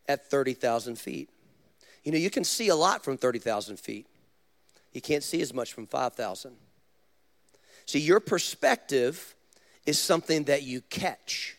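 A man, a pastor, preaching a sermon with animated storytelling and direct questions to the congregation. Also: on the high side.

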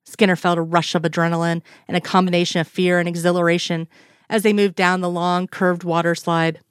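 A woman narrating a piece of fiction in a steady, even storytelling manner. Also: fairly low pitch, fairly quick, clean tone, no echo, clean studio sound.

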